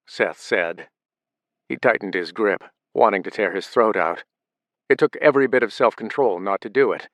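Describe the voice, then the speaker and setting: A man reading an audiobook in steady, measured scripted narration. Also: on the low side, no echo.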